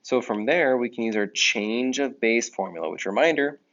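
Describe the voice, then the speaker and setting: A man's voice: medium pitch, lively intonation, moderate pace, a bit bright. A man teaching a math lesson in a casual explaining way, often correcting himself. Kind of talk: recorded classroom lesson. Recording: dull lo-fi audio.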